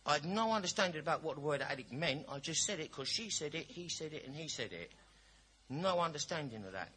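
Male, candid recovery-meeting speaker, bright tense voice, storyteller with humour. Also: a little high, expressive, fairly quick, slight background noise. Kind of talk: personal testimony at a recovery meeting.

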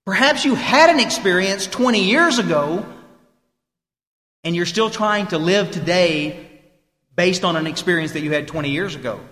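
Folksy male meeting speaker, emphatic, high-pitched, recorded live in a reverberant hall. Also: moderate pace, sharp tone. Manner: folksy, emphatic, quotes people in voices. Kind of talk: recovery talk to a meeting. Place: meeting room.

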